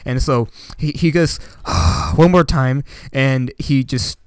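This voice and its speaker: A young man telling a personal story to camera in a rambling, animated way, full of filler words. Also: mid-range voice, measured pace, clear, resonant tone, dry recording. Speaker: YouTuber. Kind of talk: casual storytime monologue.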